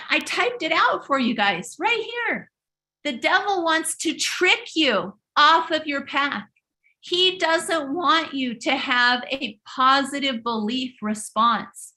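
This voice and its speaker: Bright, high-voiced impassioned woman speaker. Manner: emphatic, preachy, repeats and restarts words. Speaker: host of a live motivational stream. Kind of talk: impassioned motivational talk.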